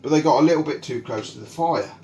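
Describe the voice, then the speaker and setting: A man's voice: mid-range voice, fast talker, gravelly, noisy background, natural voice. A man voicing a meek, helpful little old washerwoman who speaks tentatively. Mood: apologetic. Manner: apologetic, tentative. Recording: roomy echo.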